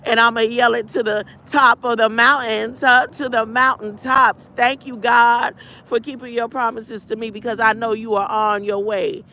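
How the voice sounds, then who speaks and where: A woman's voice: fairly high pitch, level tone, moderate pace, sharp tone. A woman hosting a livestream, rambling and preachy, talking back to her chat and reciting spiritual affirmations. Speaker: livestream host.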